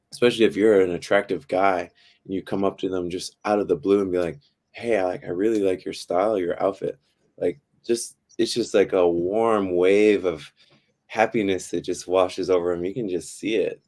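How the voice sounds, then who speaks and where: Low-voiced young man telling stories. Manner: relaxed storytelling with frequent "like" fillers. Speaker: podcast guest. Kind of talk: casual chat.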